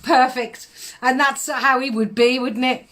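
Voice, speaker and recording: A woman's voice: high voice, steady tone, normal speed, fairly bright tone. A middle-aged woman, giving psychic readings on a live stream in a chatty manner, laughing often and calling viewers darling.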